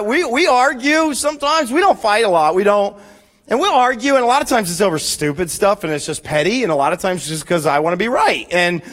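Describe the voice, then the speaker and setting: A high-pitched man in his forties delivers a sermon from the pulpit. He talks in a lively, joking way, often restarting his sentences as he tells stories about himself. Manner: animated, joking storytelling with frequent restarts. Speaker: pastor.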